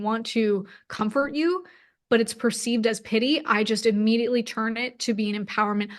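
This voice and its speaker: A woman's voice: a little high, normal speed. A woman in her thirties, a guest in an interview, telling a personal story openly and emotionally with many "like" fillers. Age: 30s. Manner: open, emotional, frequent "like" fillers.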